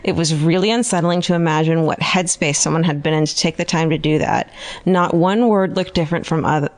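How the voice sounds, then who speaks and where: A woman co-hosts a podcast in relaxed conversation, telling her own story with an expressive, animated delivery. She gasps and reacts openly to what she hears. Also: deep voice, a little fast. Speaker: podcast co-host. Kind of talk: casual chat, telling a personal story.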